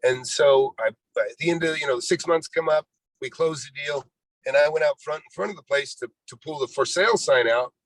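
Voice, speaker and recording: His voice sits on the high side and he talks briskly, captured in a rough recording without echo. The speaker, a real estate investor guest in his sixties, wanders through his life story during the interview, leaning on "you know" and playing out what others said.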